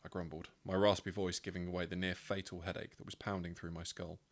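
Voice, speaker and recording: Low-voiced man reading a story. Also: level tone, fast talker, creaky. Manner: dry, wry storytelling. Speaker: author reading his own story. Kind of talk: first-person scripted narration.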